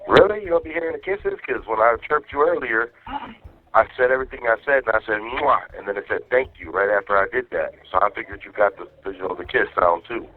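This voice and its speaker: A man's voice: on the low side, fast talker. A man on a phone call to his wife, telling stories in a loose, profane way and acting out what other people said. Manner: profane, animated storytelling, acting out others' lines. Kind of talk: casual phone chat. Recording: tinny phone line.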